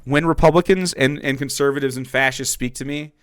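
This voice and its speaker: A man hosting a live stream, ranting about politics in a mocking, profane way and swinging from loud outbursts to low muttering. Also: brisk, clear, resonant tone, no room sound, clean studio sound. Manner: profane, mocking, loud rants with sudden drops. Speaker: streamer host. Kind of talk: heated political commentary.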